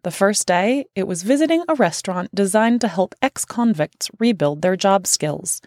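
A woman's voice: mid-range voice, expressive, moderate pace, darkish tone, no room sound, clean studio sound. A woman author reading her own book aloud as an audiobook, casual in tone with wry asides. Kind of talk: audiobook narration.

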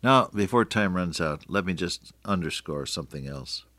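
Male radio preacher, deep voice, earnest sermon delivery, repeats key lines. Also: expressive, moderate pace, pushed and bright, dry recording. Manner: earnest, repeats phrases for emphasis.

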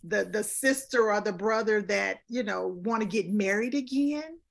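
An earnest woman in her fifties speaking as an interview guest, with a gravelly, fry-tinged edge to her voice. She leans on repetition to drive her points home. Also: medium pitch, normal speed. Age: 50s. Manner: earnest, repeats phrases for emphasis. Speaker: guest speaker and life coach. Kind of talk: casual interview talk.

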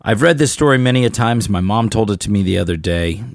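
A man's voice: on the low side, animated, quick pace, vocal fry, no room sound, clean studio sound. A middle-aged man hosting a show, rambling through stories in a casual monologue and turning blunt and heated as he preaches to fellow musicians. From Southern California. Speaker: podcast host and musician.

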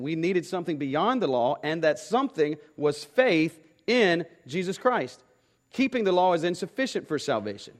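A pastor preaching a sermon to his congregation, emphatic and repeating key phrases, often asking rhetorical questions. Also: a little high.

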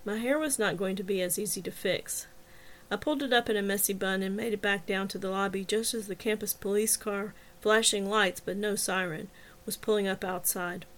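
A woman's voice: mid-range voice, steady tone, brisk. Woman narrating her own novel. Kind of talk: first-person audiobook narration.

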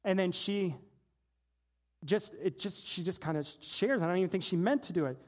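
A man preaching a sermon as a pastor, telling a story and swinging from hushed, low passages to shouted praise. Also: moderate pace.

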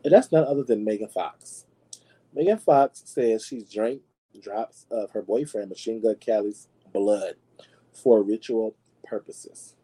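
A man hosting a podcast and dishing celebrity gossip in a sassy, dramatic way, calling his listeners y'all and jumping into high squeals to make a point. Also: unhurried, dark tone, husky, poor audio. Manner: swoops into high squeals for emphasis. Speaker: podcast host. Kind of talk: casual gossip commentary.

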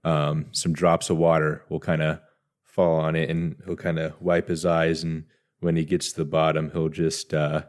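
Male player, extremely low voice, flat, soft and hesitant. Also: moderate pace. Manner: soft, hesitant, full of "uh" and "kinda". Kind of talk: describing character actions in a tabletop game.

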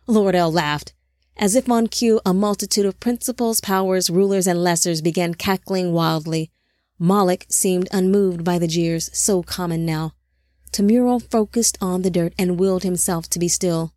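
A woman narrating an audiobook in an even, measured reading. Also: lowish voice, no echo, studio quality.

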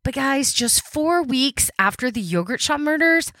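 A woman's voice: high voice, expressive, unhurried, pushed and bright, no echo, clean studio sound. A woman hosting a true crime podcast, telling the case in a chatty way with restarts and fillers, talking to her listeners as guys. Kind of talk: casual storytelling narration.

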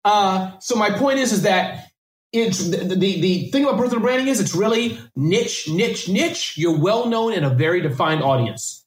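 A man talking fast and energetically as a podcast guest, full of restarts and repeated words. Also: sits high, lively intonation, reverberant, low-quality recording. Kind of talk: casual interview answers.

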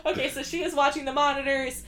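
A young woman co-hosting a podcast, recapping a movie in animated casual chat, swearing and laughing often. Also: high voice, fast talker. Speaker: podcast co-host.

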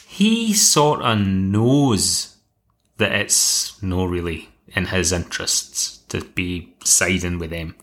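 A man's voice: deep voice, animated, slow, a bit bright. A male podcast host giving a casual, wry episode recap with many asides and restarts. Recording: echoey room.

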